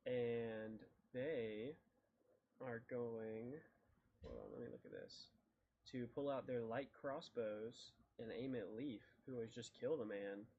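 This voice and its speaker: A man running a tabletop game as dungeon master, relaxed and halting, with many fillers and restarts. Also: mid-range voice. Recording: dull lo-fi mic.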